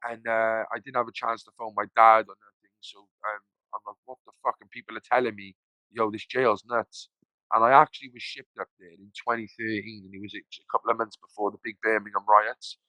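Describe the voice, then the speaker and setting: A man's voice: fairly low pitch, steady tone, brisk, hardly any pauses, bright, forceful tone, dry recording, low-quality recording. A man, a podcast guest telling his story casually, rambling, swearing freely and acting out the voices of people he quotes.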